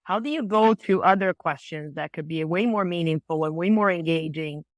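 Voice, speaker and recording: A woman speaking as a podcast guest, explaining her points emphatically in quick bursts. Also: on the low side, no echo. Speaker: podcast guest, business advisor. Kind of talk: conversational interview.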